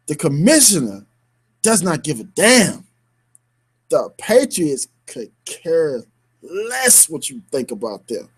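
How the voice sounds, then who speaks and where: A man co-hosting a sports radio show, ranting heatedly in slang-filled talk with bursts of laughter. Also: fairly high pitch.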